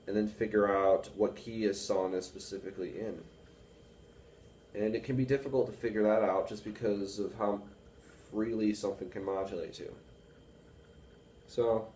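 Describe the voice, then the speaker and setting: A young man talks slowly and haltingly to the camera, his baritone voice sitting a bit low. He rambles with lots of fillers. The room sounds echoey, with faint music in the background. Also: warm tone, far from the mic, slight background noise. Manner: rambling, hesitant, many fillers. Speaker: music student vlogger. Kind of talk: casual talk to camera.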